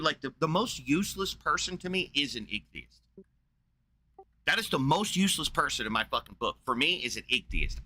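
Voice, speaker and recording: Blunt, crude-talking man with a very bright voice. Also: mid-range voice. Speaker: streamer. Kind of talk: casual profane rant.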